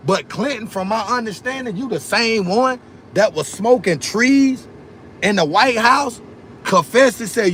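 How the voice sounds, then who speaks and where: A man's voice: sits high, lively intonation, unhurried, fairly bright tone, a little hiss or hum. A man hosting a political livestream, talking in a fiery, preachy way, repeating phrases and calling out to viewers for likes and amens. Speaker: livestream host.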